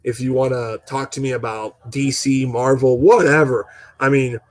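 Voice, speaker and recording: A man's voice: mid-range voice, steady tone, normal speed, rough recording. A young man in a casual, passionate opinion rant as a gaming channel host, rambling with stuttering restarts and swearing.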